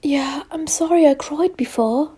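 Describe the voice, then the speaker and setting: Woman reading as a tearful, anxious young wizard. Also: sits high. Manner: soft, halting and tearful.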